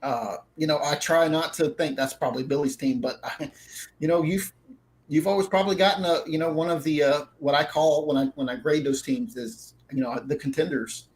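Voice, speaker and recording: Chatty man with a slightly higher voice. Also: steady tone, brisk, rough recording. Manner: chatty, self-interrupting with fillers. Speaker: fantasy football content writer co-host. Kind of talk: casual podcast chat.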